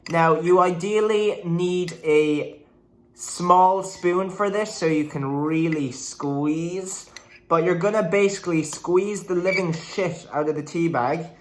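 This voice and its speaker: A man's voice: high voice, slow. Hyper young guy vlogging, jokey and rambly. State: out of breath. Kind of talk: casual vlog to camera.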